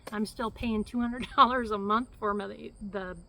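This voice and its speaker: A woman's voice: on the high side, steady tone, moderate pace, creaky, bright, forceful tone, low-quality recording. A middle-aged woman vlogging a casual health update, rambling and flustered, with a hacky cough and shortness of breath. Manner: rambling, flustered, many fillers.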